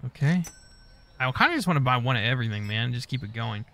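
A man's voice: medium pitch, animated, fast talker, fairly bright tone. A man giving casual gameplay commentary, muttering to himself as he goes and swearing often. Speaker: gaming YouTuber.

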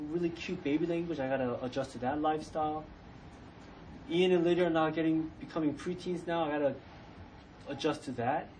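High-voiced preacher heard from off-mic. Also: male voice, a little mellow, distant mic, poor audio. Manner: conversational, acts out quoted voices. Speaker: pastor. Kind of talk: sermon. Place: church. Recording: faint noise, voice from off the mic.

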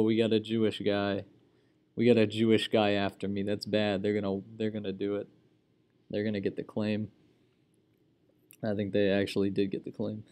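A man hosting a gaming channel, talking through his game in a slow, unhurried way. His voice sits a little low, and he keeps up a chatty stream of reactions broken by frequent exclamations. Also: darkish tone. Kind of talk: casual let's-play commentary.

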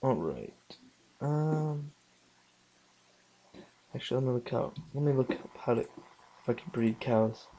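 Young guy doing a lets play, talks slow, mumbles then yells and curses at the game. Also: medium pitch, lively intonation. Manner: slow, muttering, swears often, bursts out loud at the game. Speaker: gaming channel host. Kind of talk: casual let's play commentary.

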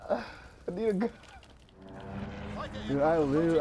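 An excitable male gamer talks over his own match in a high, lively voice that swoops up and down as he exclaims and laughs. He speaks at an unhurried pace. Loud game gunfire and explosions sit right under his voice. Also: noisy background. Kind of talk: live gameplay commentary.

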